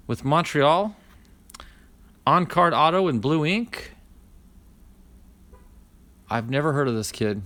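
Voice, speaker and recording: A man's voice: medium pitch, animated, slow pace, pauses often, sharp tone, dry recording. A man vlogging as he opens a pack of cards, reading each name aloud in a chatty running list and talking to viewers by name. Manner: talks to live viewers by name. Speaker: card-opening vlogger. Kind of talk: casual card-opening commentary.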